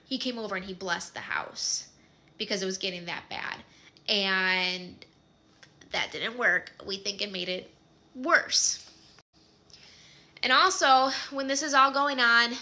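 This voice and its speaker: A woman's voice: mid-range voice, sharp tone. A woman in her thirties with a Midwestern American accent, casually telling a personal story with lots of "like" and "um". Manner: chatty, many fillers like "like" and "um".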